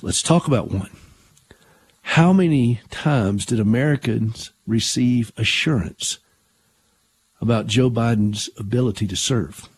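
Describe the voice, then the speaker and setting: A man's voice: medium pitch, measured pace, breathy edge. An older man hosting a Christian talk radio show in an earnest, conversational way, often restarting his sentences.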